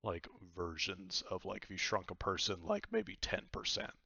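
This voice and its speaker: A man's voice: low-pitched, huge pitch swings, normal speed, creaky, pushed and bright, slightly rough, dry recording, highs cut off. A man narrating a tabletop game as game master, describing scenes in a rambling way full of fillers.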